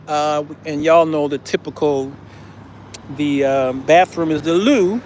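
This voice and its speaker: A man's voice: fairly high pitch, sing-song, moderate pace, a little mellow, a little hiss or hum. A man talking casually to his viewers in a travel vlog, chatty and chuckling often. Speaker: vlogger.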